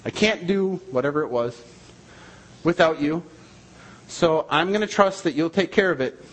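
A man voicing a calm old farmer praying. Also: a little high, moderate pace, low-quality recording. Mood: calm trusting. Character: calm older male farmer praying plainly.

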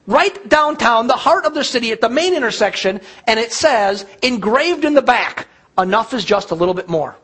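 A man's voice: extremely high pitch, a bit bright, slightly rough. A man preaching a sermon in a church, talking in an earnest, conversational way. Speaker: pastor. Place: church sanctuary.

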